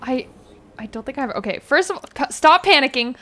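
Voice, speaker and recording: A young woman streaming a game live, excitable and laughing often, swearing freely and using casual gamer slang. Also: high-pitched, a little fast. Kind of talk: live-streamed gameplay chat.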